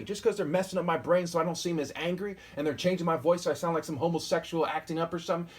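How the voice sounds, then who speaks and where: In a solo video, a self-styled preacher in his forties reads verses and rants over them, combative and insulting, repeatedly demanding "okay?". His voice is husky and slightly rough, yet a little high and a little mellow.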